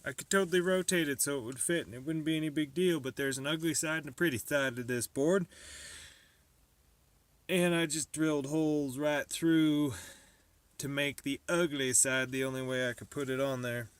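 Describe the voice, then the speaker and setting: A man's voice: fairly high pitch, fairly even intonation, moderate pace, clear, resonant tone, no room sound. A man narrating his own DIY repair vlog casually, with joking, self-mocking asides. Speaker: DIY video maker.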